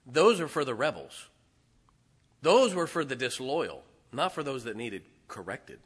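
A man's voice: mid-range voice, sing-song, unhurried, husky, in a large hall. A man preaching a conversational sermon as pastor, folksy and joking with his congregation. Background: congregation responding.

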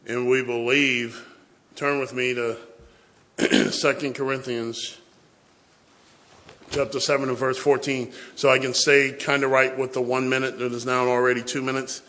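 A middle-aged man preaching a sermon in church, telling a story and swinging from hushed asides to loud emphasis. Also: medium pitch, little pitch movement, a little slow.

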